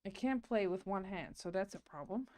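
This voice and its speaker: Playing a game at home, a female streamer delivers casual, playful let's-play chatter with the odd swear word. Her voice is mid-range with a dark tone, lively intonation, and a moderate pace.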